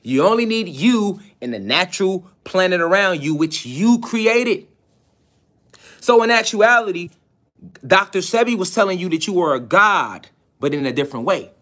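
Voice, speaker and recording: A man with a somewhat high voice gives a preaching-style lecture to his students. He presses the listener with rhetorical questions and repeats key phrases for emphasis. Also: animated, normal speed, fairly bright tone. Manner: hammers points with rhetorical questions.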